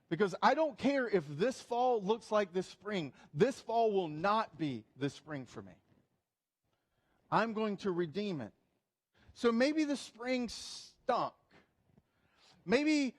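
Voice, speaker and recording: Casting: man, 30s, high-pitched pastor, lively and funny conversational sermon. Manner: animated, humorous, with playful asides.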